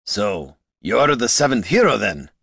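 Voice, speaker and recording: Gruff, blunt middle-aged male adventurer for a fantasy audiobook, read by a male narrator, low and muttering, dry. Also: sing-song, measured pace, a bit bright, dry recording, exaggerated voice.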